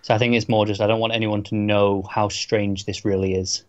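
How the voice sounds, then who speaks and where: A man co-hosting a casual TV review discussion, relaxed and agreeable. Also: fairly low pitch, fairly quick, lo-fi sound. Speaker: podcast co-host.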